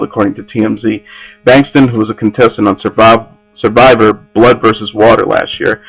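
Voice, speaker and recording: A man's voice: fairly low pitch, rough recording. A man hosting an entertainment news podcast, reading stories aloud with frequent slips and restarts.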